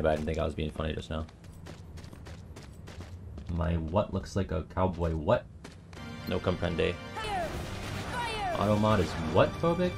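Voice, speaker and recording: A young man streaming a video game, joking and swearing, swinging from mumbles to yells, with faint music behind him. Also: low voice, gravelly. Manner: swears a lot, jokey, swings from mumbling to yelling. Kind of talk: casual game-stream commentary.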